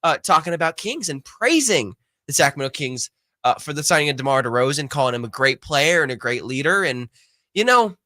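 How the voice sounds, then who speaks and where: A man's voice: fairly high pitch, very animated, brisk, pushed and bright, dry recording. A man co-hosting a sports radio show, bantering and joking with sarcasm. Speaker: radio co-host. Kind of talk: casual sports radio chat.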